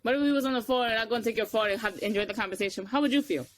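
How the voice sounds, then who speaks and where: Young woman podcast co-host, high-ish voice, lively storyteller acting out quotes, dry close sound. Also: very fast, dry recording. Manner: animated storytelling, acts out quotes with big pitch jumps. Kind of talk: casual chat.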